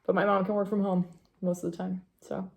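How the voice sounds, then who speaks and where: A woman's voice: medium pitch, level tone, a little fast, vocal fry, darkish tone. A young woman hosting a knitting vlog, chatting casually to camera in a rambling way, with many fillers and asides to her dog.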